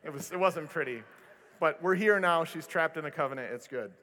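A male preacher with a notably high voice telling stories in an animated sermon, joking at his own expense. His voice rings out with a long reverb from a large church hall. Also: a little fast, slight background noise. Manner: animated storytelling with self-deprecating humor. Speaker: pastor. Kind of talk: sermon with storytelling.

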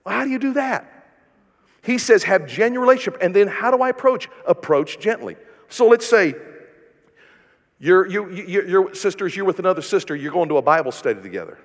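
Male pastor, high-pitched, preaching in a reverberant hall; call-and-response, big dynamic swings. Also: lively intonation, fairly quick. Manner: call-and-response preaching, rhetorical questions, swings between loud and hushed. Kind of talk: sermon.

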